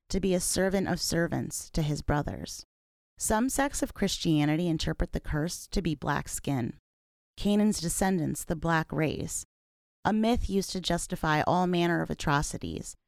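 Low-voiced woman narrating a serious documentary. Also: creaky, a little mellow, no room sound, clean studio sound. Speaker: podcast host.

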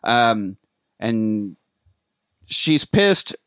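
A man's voice: fairly low pitch, sing-song, drawn-out words, a bit bright, clear, resonant tone, dry recording, studio quality. A young man, a podcast host, recapping a film in casual crude jokes and acting out the lines. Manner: crude joking, acts out characters in quotes. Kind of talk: casual comedic movie recap.

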